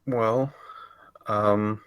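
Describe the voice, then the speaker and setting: A player in a tabletop game, narrating haltingly with many fillers. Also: mid-range voice, steady tone, smooth. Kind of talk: casual tabletop role-play narration.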